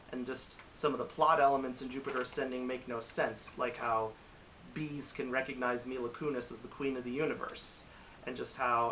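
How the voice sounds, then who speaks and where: A man with a bright, ringing voice rambles through his reactions to bad films, exasperated and often restarting his sentences. He sits a little back from the mic, and a faint hiss runs under the home recording. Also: mid-range voice, far from the mic, poor audio. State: recovering from a cold. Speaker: movie reviewer. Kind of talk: casual commentary to camera.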